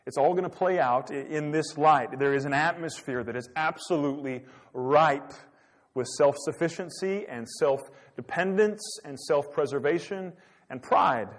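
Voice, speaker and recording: A man's voice: a little high, moderate pace. A man preaching a sermon, dramatic and full of rhetorical questions. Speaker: pastor.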